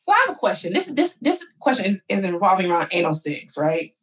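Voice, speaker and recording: Lively, chatty woman host. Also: medium pitch, far from the mic. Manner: chatty, animated, quick talker. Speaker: podcast host. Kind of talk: casual chat.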